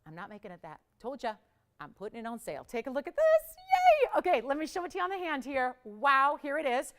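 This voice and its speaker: A woman hosting a live jewelry shopping show, pitching pieces with enthusiastic, emphatic selling and repeated phrases. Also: lively intonation, fast talker, sharp tone.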